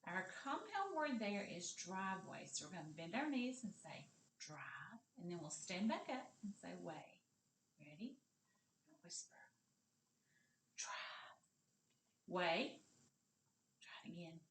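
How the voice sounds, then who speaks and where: Kindergarten teacher, woman, unhurried and lively in pitch, whispering some words, recorded in a roomy space. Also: slight background noise. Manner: slow, encouraging, sing-song teacher voice with whispered parts. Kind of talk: kindergarten literacy lesson. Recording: echoey room.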